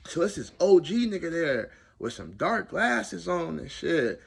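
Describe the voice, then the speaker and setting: A man telling a jail story in a casual, animated and slangy way. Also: a little slow, vocal fry, husky. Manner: animated, slangy, loud swings of pitch. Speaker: storyteller recounting jail time.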